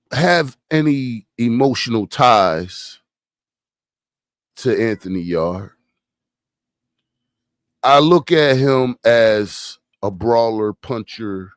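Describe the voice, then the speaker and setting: A man hosts a casual boxing podcast at an unhurried pace, talking into a podcast mic. He leans on rhetorical questions and repeats phrases for emphasis. The sound is dry, with no room echo. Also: mid-range voice. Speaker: podcast host.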